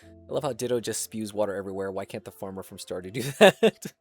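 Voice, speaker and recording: A man's voice: on the low side, quick pace, faint music behind. A man streaming a game who chats to viewers, laughs often and swears casually. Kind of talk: casual live-stream gameplay chat.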